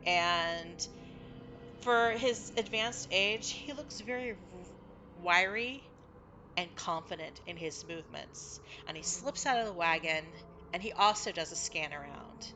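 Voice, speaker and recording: A woman's voice: lowish voice, measured pace, background noise. A woman narrating as game master of a tabletop game in a casual, descriptive way, with many fillers.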